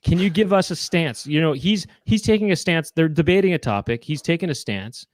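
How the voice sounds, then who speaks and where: A young adult man co-hosting a casual comedic chat, laid-back and deadpan in his mock voices. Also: a little high, fairly quick, no echo. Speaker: co-host.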